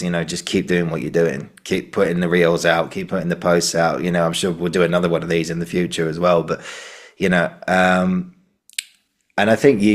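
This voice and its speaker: A man hosting a podcast, supportive and fumbling for words at times in casual conversation. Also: low-pitched. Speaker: podcast host.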